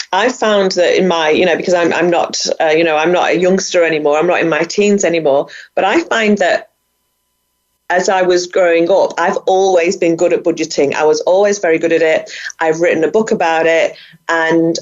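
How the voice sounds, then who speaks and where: Middle-aged female guest, enthusiastic and chatty, low-pitched, dull call audio. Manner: enthusiastic, chatty, laughs often. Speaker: guest, budgeting coach. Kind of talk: casual interview talk. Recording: muffled, lo-fi sound.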